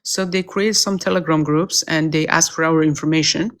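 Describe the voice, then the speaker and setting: Iranian woman, persian accent, earnest and emphatic, lowish voice, guest on a live stream. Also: steady tone, normal speed. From Iran. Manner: earnest and emphatic, with non-native phrasing. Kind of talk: casual political talk.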